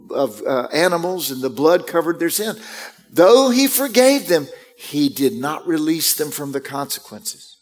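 A man preaching a sermon to his congregation, conversational and anecdotal, acting out parents and kids. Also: a little high. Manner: conversational preaching with acted-out parent and child quotes. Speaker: pastor.

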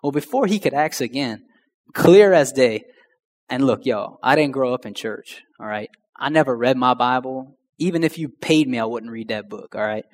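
A young man gives his testimony at a normal speed in a mid-range voice. He talks to the crowd directly in a relaxed, slangy way, and the room adds a long hall reverb.

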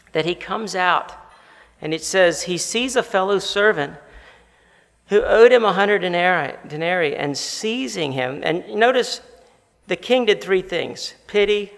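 A pastor delivers his sermon in a high voice with a gravelly edge. He is animated, slows for emphasis and puts questions to his listeners. His voice rings out in the long reverb of a large hall.

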